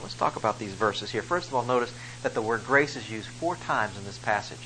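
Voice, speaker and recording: A man's voice: lowish voice, expressive, brisk, few pauses, pushed and bright, a little hiss or hum, rough recording. A man preaching a sermon, reading scripture and explaining it with rising emphasis on key phrases. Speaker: pastor.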